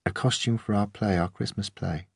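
A man doing a soft earnest little girl. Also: fairly low pitch, moderate pace, creaky, breathy edge, no echo, studio quality, voice pushed up. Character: young girl, five years old, earnest.

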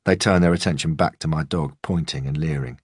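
Very deep husky male narrator. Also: no room sound, clean studio sound. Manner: calm, measured storytelling. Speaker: audiobook narrator. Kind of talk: first-person audiobook narration.

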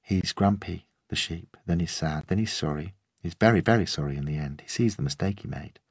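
A man doing a soft earnest little girl. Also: sits low, brisk, gravelly, slightly rough, no room sound, clean studio sound, full character voice. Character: young girl, five years old, earnest.

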